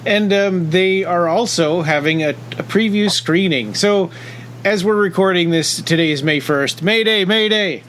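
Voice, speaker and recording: An easygoing man co-hosting a podcast, chatting with loose, rambling asides. His voice is on the high side. A faint hum sits behind him. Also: a little slow. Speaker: podcast co-host. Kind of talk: casual chat.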